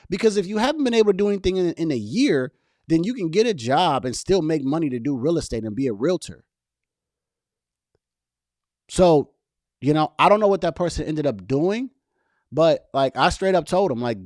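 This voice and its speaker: A man's voice: fairly high pitch, lively intonation, moderate pace, darkish tone, dry recording, studio quality. A man hosting a casual commentary video, talking passionately and directly to viewers with plenty of slang about keeping a job while building a business. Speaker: host reacting to a podcast clip.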